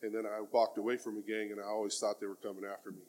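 A man's voice: lowish voice, level tone, rapid-fire, a little mellow. A middle-aged man giving a heartfelt personal testimony in plain, casual speech, often dropping in the word "man". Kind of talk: earnest spoken testimony.

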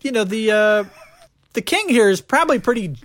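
Animated man ranting about movies. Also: high-pitched, moderate pace. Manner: animated, joking rants with fillers. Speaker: podcast host. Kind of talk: casual movie review chat.

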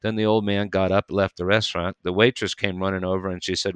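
Low, smooth-voiced man telling a story. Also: no room sound. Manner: animated storyteller, quick bursts. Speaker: preacher. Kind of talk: casual storytelling conversation.

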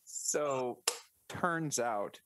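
A man improvising comedy bits in casual podcast banter, spinning absurd stories with deadpan wordplay. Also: mid-range voice, extremely slow, background noise.

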